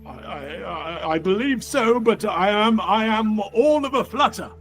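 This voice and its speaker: A man's voice: high voice, measured pace, faint music behind, pitched above the performer's own voice. A man voicing a dithering, flustered old-fashioned lawman. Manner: stammering, dithering, formal. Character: flustered fussy male law speaker.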